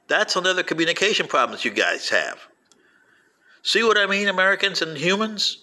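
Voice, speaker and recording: An older man rambling through a personal anecdote, acting out quoted voices with lively storytelling. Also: a little high, brisk. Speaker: vlogger playing an alien commentator.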